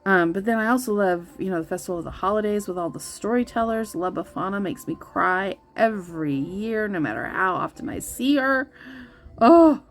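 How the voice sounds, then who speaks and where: A woman's voice: mid-range voice, brisk, hardly any pauses, a bit bright, faint music behind. A woman in her thirties hosting a casual vlog, rambling with many fillers and restarts, gushing and easily moved. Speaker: tarot channel host. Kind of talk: casual coloring-and-chat vlog.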